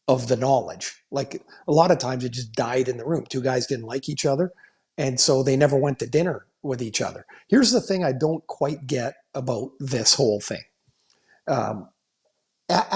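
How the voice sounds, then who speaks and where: A man's voice: mid-range voice, darkish tone. Blunt man on a sports podcast. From Canada. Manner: blunt, storytelling, laughing asides. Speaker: podcast co-host, former player. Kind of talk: casual sports chat.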